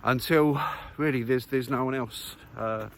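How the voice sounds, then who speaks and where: A man's voice: mid-range voice, fairly even intonation, a little slow, slight background noise. A man talking casually while walking outdoors, thinking aloud with lots of fillers and restarts. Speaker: vlogger. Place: outdoors on a muddy countryside walk.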